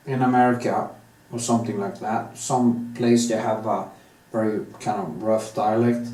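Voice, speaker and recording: A man with a Norwegian accent thinking out loud as he paints, rambling candidly with many restarts and drawn-out stretches. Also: fairly low pitch, fairly even intonation. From Norway. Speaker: artist. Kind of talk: casual monologue while painting. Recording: echoey room, mic set at a distance.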